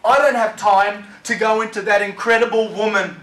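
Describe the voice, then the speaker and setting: A man giving a personal testimony as a guest speaker, dramatic storytelling that swings between hushed and loud. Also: sits high, fairly even intonation, moderate pace. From Australia. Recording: echoey, noisy room, distant mic.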